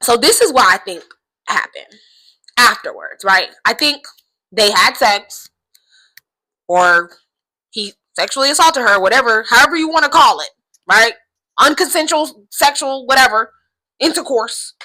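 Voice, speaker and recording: Bright, outspoken woman commentator. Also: a little high, expressive, unhurried, pauses often, low-quality recording. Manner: emphatic, keeps asking "right?"; outspoken, swears freely. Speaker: commentary vlogger. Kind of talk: casual commentary.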